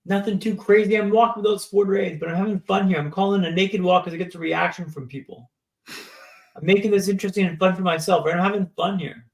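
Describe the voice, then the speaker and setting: A man's voice: high voice, steady tone, fast talker. A man in his thirties, a podcast guest telling his story in a vivid, dramatic way and often checking in with "right?". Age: 30s. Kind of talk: storytelling interview. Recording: echoey room.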